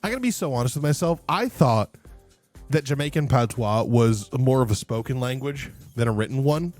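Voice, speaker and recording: Young male streamer, lively casual ramble, laughs a lot, salty mouth, faint music behind. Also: medium pitch, normal speed. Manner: laughing often, rambling, swears freely. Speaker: livestreamer.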